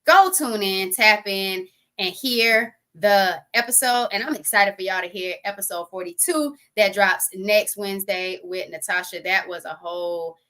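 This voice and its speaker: Bright, upbeat woman plugging her podcast. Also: medium pitch, a little slow. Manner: upbeat, promotional, uses "y'all". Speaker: podcast co-host. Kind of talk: casual chat with show promotion.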